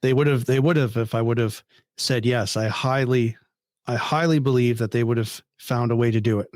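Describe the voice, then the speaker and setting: A man as a podcast guest, telling a story in casual chat, animated and incredulous, swearing freely. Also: mid-range voice, normal speed, no echo, clean studio sound.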